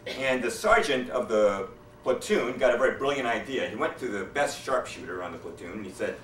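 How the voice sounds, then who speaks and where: A man tells political jokes in a folksy, storytelling manner, with a lively, swinging pitch. He is recorded in a roomy hall from some distance. Faint room ambience is heard behind him. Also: a little fast, slight background noise. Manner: folksy storyteller, chuckles at his own punchlines. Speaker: speaker at a political society event. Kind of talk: stand-up joke telling. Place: event hall, indoors.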